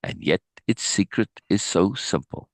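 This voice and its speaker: A man reading the part of a calm, amused old male sorcerer teacher, low and matter-of-fact. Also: a little slow, no echo, studio quality.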